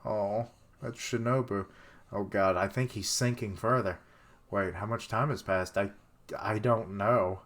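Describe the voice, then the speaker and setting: Excitable young man reacting live. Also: lowish voice, unhurried. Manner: excitable, swears casually, laughs often, loses track of names. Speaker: streamer reacting to a manga chapter. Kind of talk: live reaction while reading aloud.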